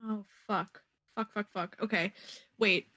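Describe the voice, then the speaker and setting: A woman playing a character in a tabletop game, anxious and full of quick questions. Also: medium pitch, fairly even intonation, a bit bright. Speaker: player.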